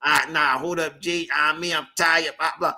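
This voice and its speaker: A podcast host in a loose, profane chat, throwing himself into a story and voicing the people he quotes. His voice sits a little high, with a bright, forceful edge. He talks casually and swears freely. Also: fairly even intonation, moderate pace.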